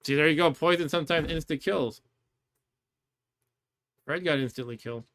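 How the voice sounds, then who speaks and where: A man's voice: fairly high pitch, moderate pace, a bit bright. A man streaming a game with casual commentary, chatty and rambling, laughing often.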